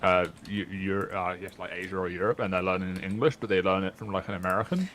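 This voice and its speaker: A man's voice: sits low, fast talker, fairly bright tone, slight background noise. A man chatting casually on a game stream, hesitant and often restarting his sentences. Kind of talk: casual chat.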